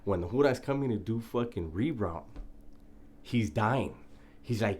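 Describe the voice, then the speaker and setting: A man's voice: medium pitch, big pitch swings, normal speed, darkish tone. A man telling a prison story in a laid-back, profane, casual way, often breaking into laughter.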